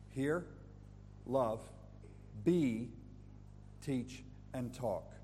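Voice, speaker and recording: A man preaching a sermon, his voice a little high but mellow and dark in tone. He rises to loud emphasis on scripture and sinks to a hush when he prays. The sound rings with the long reverb of a church hall, with a faint hum underneath. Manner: swings between loud emphatic scripture reading and soft intimate prayer. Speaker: pastor. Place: church sanctuary.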